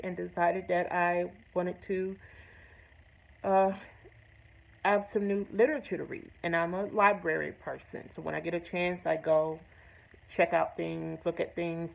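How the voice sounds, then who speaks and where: A woman's voice: lowish voice, vocal fry, low-quality recording. A woman hosting her own show, telling a personal story in an earnest, emphatic way with blunt, salty language. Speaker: host. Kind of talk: personal testimony to camera.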